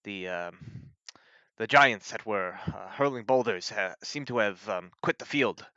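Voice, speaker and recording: A man's voice: fairly low pitch, unhurried, pushed and bright, no room sound, dull audio. A man narrating a tabletop game as game master, hesitant and full of fillers.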